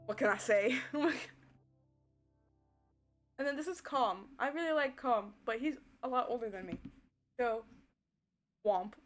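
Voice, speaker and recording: A woman live-streaming a game in a slightly high voice. She talks slowly and giggles a lot while she chats with her viewers. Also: faint music behind. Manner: chatty, giggly, answering chat. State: voice tiring. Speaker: VTuber streamer.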